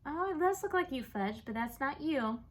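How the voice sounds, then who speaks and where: A woman voicing a gentle, amused mother in a storybook reading. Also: high-pitched, expressive, normal speed, voice pushed up.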